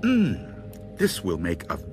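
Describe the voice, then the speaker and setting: A man's voice: sits low, huge pitch swings, takes it slowly, over music, exaggerated voice. Man playing a stubborn, unbothered housewife. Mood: pleased. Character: stubborn thrifty housewife making soup.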